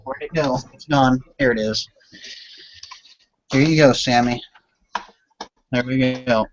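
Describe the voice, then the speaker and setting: A man's voice: mid-range voice, slow pace. A man hosting a casual online chat, upbeat and joking with his guests. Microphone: video call. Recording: dull lo-fi call audio.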